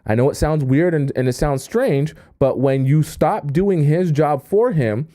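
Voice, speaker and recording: Dark-voiced man giving relationship advice. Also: on the high side, a little slow. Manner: conversational, repeats "right?" and reads chat comments aloud. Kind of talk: livestream advice talk.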